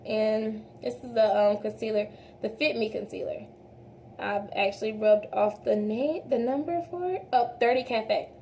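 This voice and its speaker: A young woman with a mellow, somewhat high voice and a gravelly fry talks casually through a makeup routine. She chats straight to her viewers, calls them y'all, and often trails off and starts over. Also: normal speed, a little hiss or hum. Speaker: beauty vlogger. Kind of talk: casual makeup tutorial chat.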